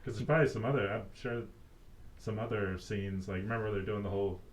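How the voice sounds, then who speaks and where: A man's voice: on the low side, steady tone, fast. A man co-hosting a movie podcast, talking in an easygoing way and acting out the characters' lines. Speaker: podcast co-host. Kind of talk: casual movie review chat.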